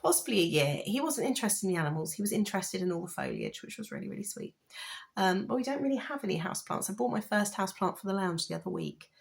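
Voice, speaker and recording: A woman vlogging about knitting, talking in a rambling, chatty way and gushing with excitement, sounding tired. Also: mid-range voice, racing, gravelly, few pauses. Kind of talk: casual chatty vlog.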